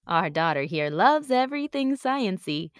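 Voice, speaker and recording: A woman's voice: mid-range voice, sing-song, moderate pace, smooth, no room sound, studio quality, natural voice. A woman voicing a friendly, polite young mother in a storybook.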